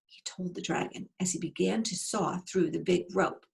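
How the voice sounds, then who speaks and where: A woman narrating a children's storybook aloud in an expressive, unhurried way. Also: fairly low pitch, gravelly.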